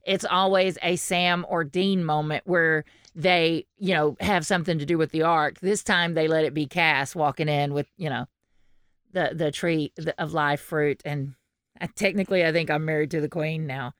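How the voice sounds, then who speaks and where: A woman's voice: sits low, steady tone, a little slow, fairly bright tone, clear, resonant tone, no room sound, clean studio sound. A woman hosting a podcast in casual chat, rambling with restarts and frequent laughter. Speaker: podcast host.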